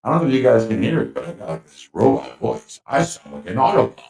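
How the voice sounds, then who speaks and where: A man's voice: on the low side, big pitch swings, quick pace, creaky, darkish tone. A man hosting a casual livestream, chatting in a rambling way and laughing at himself. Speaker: livestream host. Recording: echoey mic with faint music.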